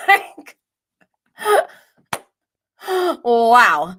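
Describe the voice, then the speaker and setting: A woman's voice: fairly high pitch, wildly swooping pitch, extremely slow, pauses often, fairly bright tone. A woman hosting a live stream about reality TV, chatting in a gossipy way, laughing often and sometimes dropping to a whisper. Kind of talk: casual live-stream commentary.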